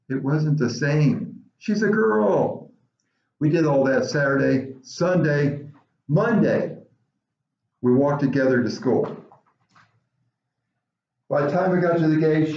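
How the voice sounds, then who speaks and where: A man telling a personal story in an animated way, with dramatic pauses. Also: on the high side, vocal fry. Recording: roomy, dull lo-fi recording.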